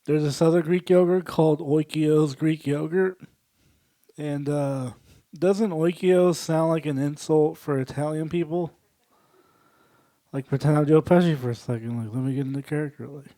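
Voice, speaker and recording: A man doing a stand-up set, working the crowd with deadpan absurd jokes. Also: on the high side, normal speed, no room sound. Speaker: stand-up comedian. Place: small comedy venue.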